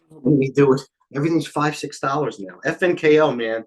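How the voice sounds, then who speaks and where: Breathless, fast-talking trading host. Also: male voice, mid-range voice, a little mellow. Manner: rapid, scattered, jumps between tickers. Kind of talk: live market commentary.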